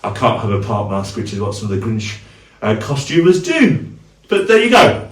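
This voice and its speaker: A man talks through his costume in a relaxed, chatty way, stopping and restarting as he goes. He sounds a bit far from the mic, and the room echoes around him. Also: on the low side. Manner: chatty, halting, with fillers and restarts. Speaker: cosplayer, video host. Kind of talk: casual costume walkthrough.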